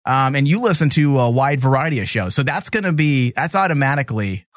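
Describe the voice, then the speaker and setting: Animated joking male talk-show host. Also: mid-range voice, fairly quick, no echo, studio quality. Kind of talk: comedic radio show hosting. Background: faint music.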